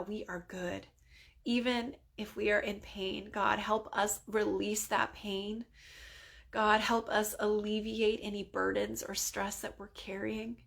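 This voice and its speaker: Gravelly, earnest woman praying aloud. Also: medium pitch, fairly bright tone. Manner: earnest, conversational, full of "you know" and "like". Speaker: prayer leader. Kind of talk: spontaneous spoken prayer.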